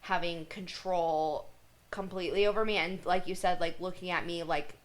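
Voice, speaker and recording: A woman with a fairly low voice hosts a podcast conversation. She speaks in a steady, supportive way and often affirms what her guest says. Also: moderate pace, low-quality recording. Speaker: podcast host. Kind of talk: conversational interview.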